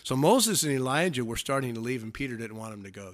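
A male pastor preaching a sermon, reading scripture and acting out the quoted lines with lively changes of pitch and loudness. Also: rapid-fire, few pauses. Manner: animated preaching, acts out quotes with shifting pitch and volume.

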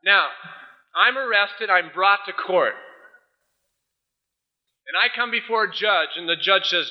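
A high-pitched pastor preaches at a measured pace, leaving long pauses. His sermon includes an energetic story where he performs both sides of a courtroom exchange, judge and defendant alike. It's recorded in dull lo-fi sound.

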